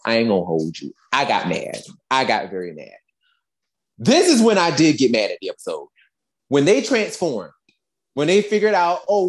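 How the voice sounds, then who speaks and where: Woman podcast co-host, low voice, very animated and emphatic, casual chat. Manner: animated, emphatic, exasperated storytelling.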